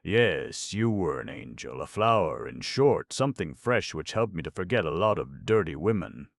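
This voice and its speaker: A man's voice: deep voice, big pitch swings, moderate pace, creaky, no room sound, studio quality, heavily acted. A man voicing a blustering, tearful old uncle, ranting and sobbing, still a little drunk. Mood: self-pitying.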